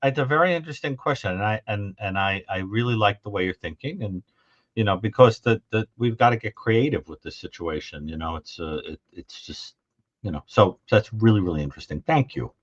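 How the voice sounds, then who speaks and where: A man who is a guest on a live talk stream, chatting casually, quick to jump in over others and wander into tangents. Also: fairly low pitch. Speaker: guest commentator. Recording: lo-fi muffled audio.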